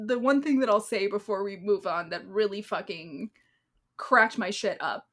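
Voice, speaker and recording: A woman co-hosting a podcast, chatting casually in an animated rant full of "like". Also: medium pitch. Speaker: podcast co-host. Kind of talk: casual chat.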